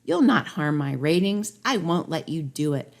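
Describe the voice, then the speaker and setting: A woman's voice: low-pitched, very animated, normal speed, gravelly, exaggerated voice. A woman voicing a sour, boastful male leader in a rhyming storybook parody, talking in a scornful, dismissive way.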